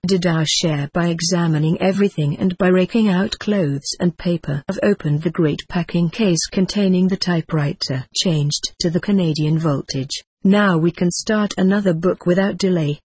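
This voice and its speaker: An audiobook reader narrating a novel in a steady, even voice. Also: medium pitch, slightly rough, no room sound.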